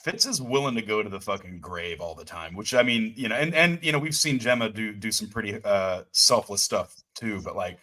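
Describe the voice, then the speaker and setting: A man co-hosting a podcast, chatting casually about a TV episode, animated and swearing freely. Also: lowish voice, fairly quick, hardly any pauses. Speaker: podcast co-host. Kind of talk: casual chat recapping a TV episode.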